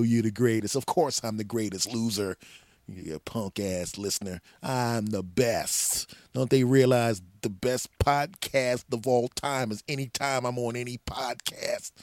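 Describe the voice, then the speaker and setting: A man's voice: fairly low pitch, a little mellow, dry recording, clean studio sound. A middle-aged man hosting a comedy podcast, ranting in a mock-arrogant, profane, sarcastic way. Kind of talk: comedic rant sketch.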